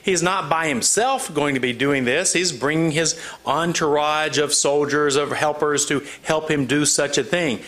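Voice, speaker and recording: A man teaching through a Bible passage, reading the verses aloud and explaining them in a relaxed, conversational way with frequent fillers. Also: fairly high pitch. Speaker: pastor.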